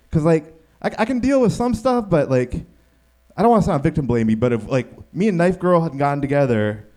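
A man performing a stand-up comedy set, telling stories and acting out the people in them, sometimes yelling. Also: medium pitch. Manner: animated, acts out quotes in yelling voices.

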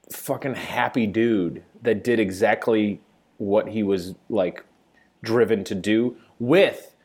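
A man hosting a casual podcast, steering the talk with questions. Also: fairly low pitch. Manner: animated, leading questions.

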